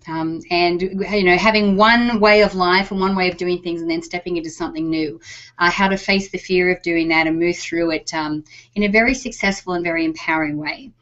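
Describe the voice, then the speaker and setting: A woman's voice: mid-range voice, fairly bright tone. A woman with a Texas accent hosting an interview, friendly and chatty with lots of fillers. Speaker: host. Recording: dull lo-fi sound.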